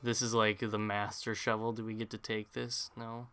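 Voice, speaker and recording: A man's voice: lowish voice, flat delivery, moderate pace, pushed and bright, faint music behind. A man giving casual, rambling let's play commentary, chatty and self-deprecating as he plays. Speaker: gaming channel host.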